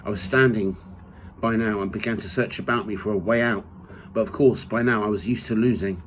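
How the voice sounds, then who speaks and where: A man reading from his own memoir in the first person, measured and steady. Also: on the low side, slight background noise, poor audio. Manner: measured reading, rising loud for quoted shouts.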